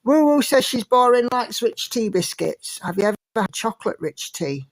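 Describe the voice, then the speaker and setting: A woman's voice: a little high, animated, moderate pace, low-quality recording. An English woman hosting a livestream, chatting and reading out viewer comments with lots of fillers. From England. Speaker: livestream host.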